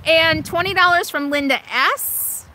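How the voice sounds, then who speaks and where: Woman, middle-aged, casual live-stream chat, fillers and restarts, high-pitched. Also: unhurried, a little hiss or hum. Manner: chatty, frequent fillers and restarts, thanks donors warmly. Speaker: RV vlogger hosting a live stream. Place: inside an RV or vehicle.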